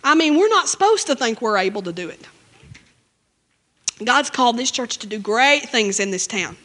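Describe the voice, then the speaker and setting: A woman's voice: on the high side, very animated, normal speed, sharp tone. A woman preaching a sermon in church, emotional and fervent, with frequent amens and hallelujahs.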